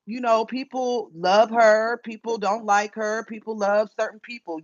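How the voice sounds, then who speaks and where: A woman's voice: medium pitch, no room sound. A woman hosting a casual livestream, talking bluntly and emphatically, with frequent swearing. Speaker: livestream host. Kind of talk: casual live-stream chat. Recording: dull, dry lo-fi phone audio.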